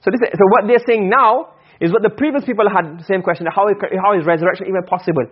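A man's voice: high-pitched, fast talker, husky, lo-fi sound. A man teaching a class, often quizzing his students and repeating his points. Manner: asks the class questions, repeats himself. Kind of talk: classroom lecture on Arabic rhetoric.

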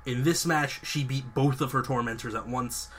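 Young male podcast host, crisp bright tone, mid pitch, enthusiastic run-on storyteller. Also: moderate pace, slight background noise. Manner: enthusiastic, rambling storytelling with many fillers and restarts. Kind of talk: casual chat.

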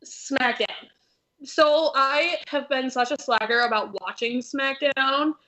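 Young woman chatting, opinionated, high voice, muffled audio. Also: takes it slowly, bright, forceful tone. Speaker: podcast co-host. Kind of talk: casual chat. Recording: dull lo-fi recording.

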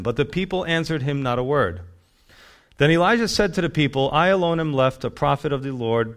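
A man preaching a sermon, reading scripture aloud and breaking into conversational comments, at times rising to loud emphatic bursts. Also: mid-range voice. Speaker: pastor.

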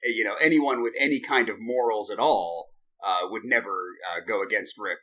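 A man's voice: lowish voice, fairly quick, pushed and bright. Jokey man co-hosting a movie podcast. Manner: jokey, laughing, does mocking voices. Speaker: podcast co-host. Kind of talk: casual chat.

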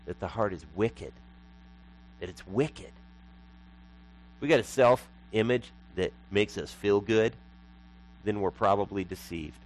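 A man's voice: on the low side, a little hiss or hum, poor audio. A man preaching a sermon as pastor, emphatic and repeating lines for effect.

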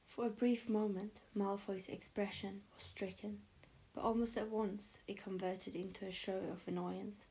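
A woman reading a story aloud in a soft, breathy narrating voice. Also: medium pitch, flat delivery, moderate pace, rough recording. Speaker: audiobook narrator. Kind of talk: reading fan fiction aloud.

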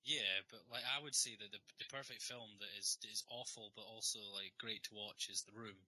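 A tired young man chatting casually as a podcast co-host, blunt and quick to swear. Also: fairly low pitch, pushed and bright, rough recording. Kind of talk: casual chat.

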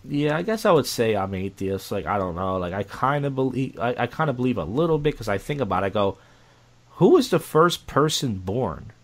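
A young man co-hosting a podcast in casual chat, rambling and halting with many restarts and fillers. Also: on the low side, animated. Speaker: podcast co-host.

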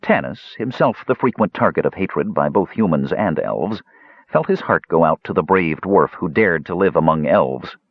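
A man reading a fantasy novel aloud as an audiobook narrator, with expressive storytelling. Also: low voice, normal speed, husky, dry recording, dull audio.

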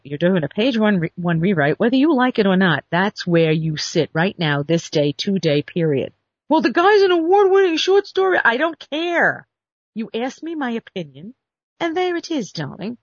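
A woman's voice: mid-range voice, breathy edge, dry recording. A woman script consultant telling a story bluntly and outspokenly to an audience in a casual monologue. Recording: dull, muffled recording.

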